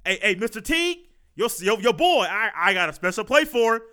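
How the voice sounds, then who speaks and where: An excited football coach with a high, bright voice, as a man puts him on. He stammers and repeats himself while hinting at special plays, full of scheming energy. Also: brisk, smooth, full character voice. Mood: hyped. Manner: repetitive, stammering, hyped.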